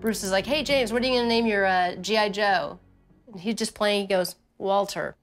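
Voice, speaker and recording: A woman's voice: medium pitch, normal speed, soft background music. A mother in an interview, telling a family story casually and acting out quotes. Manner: animated retelling with acted quotes.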